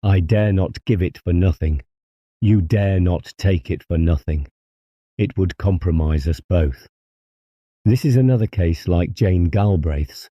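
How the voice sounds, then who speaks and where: A man voicing a cold, scheming male doctor who talks calmly and persuasively. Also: low-pitched, dry recording, dull audio. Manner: calm, measured, coaxing.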